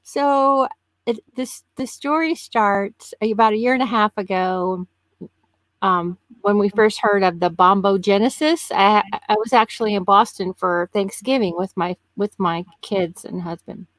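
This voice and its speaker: A woman in her fifties, a podcast guest in casual chat, telling stories in an animated way and laughing often. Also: medium pitch, unhurried, dry recording. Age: 50s.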